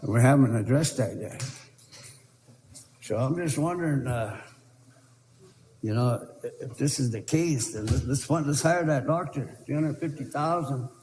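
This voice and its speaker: Pausing at length, a tribal council representative with a mellow, mid-range voice speaks a little slowly in a meeting debate. His plea is earnest and repetitive, captured in an echoey chamber with faint background noise.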